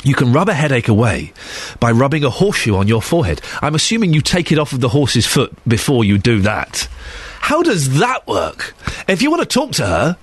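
Lively, husky, congested radio man. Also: medium pitch, a little fast, no echo. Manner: chatty, joking, self-deprecating. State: congested, bunged up. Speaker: stand-in radio presenter. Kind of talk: casual radio links. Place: radio studio. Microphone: studio microphone.

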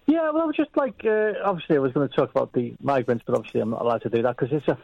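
A man phoning in to a radio show, his voice gravelly and fried, hesitating with ums and uhs. The line sounds dull and lo-fi, dry with no room. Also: medium pitch, lively intonation, rapid-fire, no echo. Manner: hesitant, many fillers. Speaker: caller. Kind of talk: phone-in chat.

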